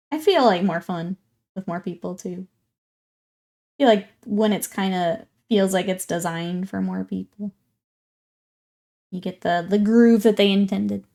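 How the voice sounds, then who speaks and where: Young woman streaming, chatty, keeps giggling, says hi to chat. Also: medium pitch. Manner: chatty, laughs often, greets chat. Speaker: livestreamer. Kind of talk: casual chat with viewers while hobby painting.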